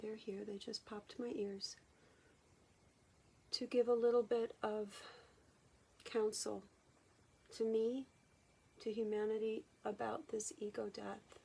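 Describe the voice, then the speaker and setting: A woman hypnotherapist speaking in a personal vlog monologue, halting and reflective, often restarting her sentences. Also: on the high side, flat delivery, creaky, mellow, slightly rough. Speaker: hypnotherapist and channeler.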